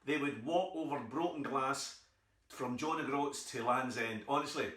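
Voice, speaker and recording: Scottish comedian in an echoey theatre. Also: male voice, medium pitch, moderate pace, fairly bright tone, recorded from a distance. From Scotland. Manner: storytelling, acting out others' voices. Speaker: stand-up comedian. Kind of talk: stand-up routine. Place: theatre stage.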